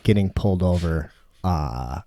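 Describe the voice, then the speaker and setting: A man co-hosting a podcast, introducing clips in relaxed, halting chat. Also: deep voice, dry recording, clean studio sound. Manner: relaxed, lots of uh and um. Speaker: podcast co-host.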